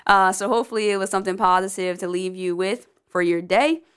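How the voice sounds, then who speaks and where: An upbeat woman hosts a podcast and talks straight to her listeners. Her voice is smooth and clear, set at a middle pitch, and her tone stays encouraging. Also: a little fast, fairly bright tone. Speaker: podcast host. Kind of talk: casual podcast monologue.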